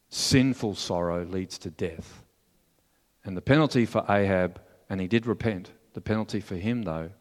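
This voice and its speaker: A male pastor preaching a sermon in an earnest, measured, storytelling manner. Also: deep voice. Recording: long hall reverb.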